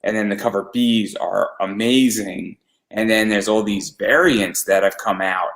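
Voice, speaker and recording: A man's voice: on the low side, steady tone, unhurried, a bit bright, reverberant, poor audio. A man hosting a casual podcast interview, asking rambling, nostalgic questions. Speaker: podcast host.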